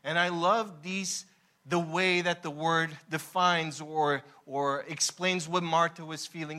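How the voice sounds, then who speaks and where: A male pastor preaching a sermon in an animated, emphatic way, asking the congregation to repeat after him. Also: fairly high pitch, slow.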